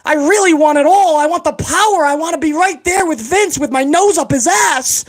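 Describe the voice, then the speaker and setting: Squeaky, self-pitying male boss, as a man does a comedic impression of him, pleading and whining in a very high voice. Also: moderate pace. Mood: whiny. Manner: whining, pleading, playing the victim. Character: whiny, self-pitying male wrestling executive.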